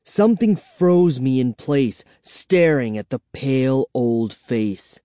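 Male narrator, unhurried and lively in pitch, storybook reading. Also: dry recording, studio quality. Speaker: audiobook narrator. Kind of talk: scripted first-person narration.

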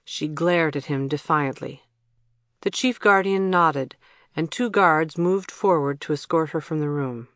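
An audiobook narrator reading a story in an even, steady way. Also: medium pitch, a little slow, no echo, clean studio sound.

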